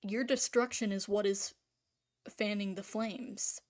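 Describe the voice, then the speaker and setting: A woman's voice: medium pitch, fairly even intonation, slow. Rambling, profane woman ranting. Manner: rambling, profane, many restarts and trailing-off fillers. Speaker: artist ranting on camera. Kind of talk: casual spoken rant.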